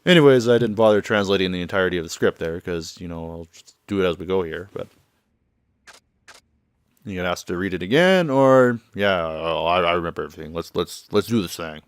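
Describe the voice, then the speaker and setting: Smooth low-voiced man rambling casually. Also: expressive, brisk, no echo. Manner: rambling, offhand, translating on the fly. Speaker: let's play commentator. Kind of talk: casual gameplay commentary.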